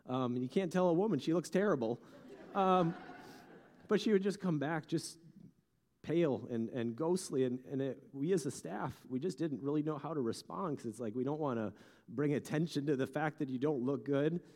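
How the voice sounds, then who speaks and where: A man, a pastor, interviewing a church staff member in a conversational, halting way with repeated words. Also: fairly high pitch, darkish tone, big-room sound. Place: church room.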